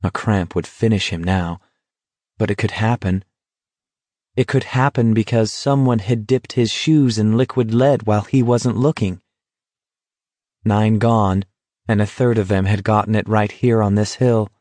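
A man reading a novel aloud in a measured, even storytelling manner. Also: on the low side, dry recording. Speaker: narrator. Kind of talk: audiobook narration.

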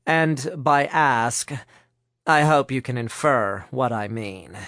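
A man voicing a calm, cheerful young woman leader who speaks measured and firmly polite. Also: medium pitch, no room sound, clean studio sound.

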